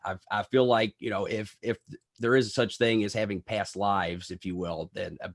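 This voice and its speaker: A man's voice: low-pitched, no room sound, studio quality. A man from the United States co-hosting a podcast, chatting in an earnest, rambling, digressive way. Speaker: podcast co-host, wrestling reviewer. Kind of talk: casual podcast review chat. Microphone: video call setup.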